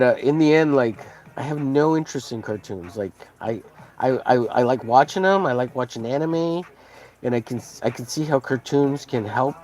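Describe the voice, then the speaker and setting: A man's voice: mid-range voice, a little mellow. A man hosting a podcast, ranting casually in a profane, rambling, heated way. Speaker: podcast host. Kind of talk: casual rant.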